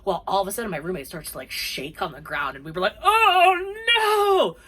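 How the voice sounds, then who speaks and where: Bright-voiced young woman telling a story. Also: low-pitched, fast talker, a little hiss or hum. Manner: chatty, animated, laughing storyteller with many fillers. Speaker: vlogger. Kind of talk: casual storytelling.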